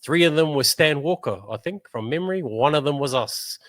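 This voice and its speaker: Fairly quick and expressive, this New Zealand-accented man has a somewhat high, slightly bright voice in a dry recording. He's a musician guest in a casual chat, relaxed and laughing frequently while dropping "bro" constantly.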